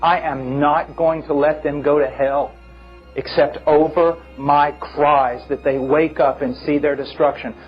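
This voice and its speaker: A man preaching a sermon with impassioned, emphatic delivery and big swings in pitch. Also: steady tone, measured pace, lo-fi sound, soft background music.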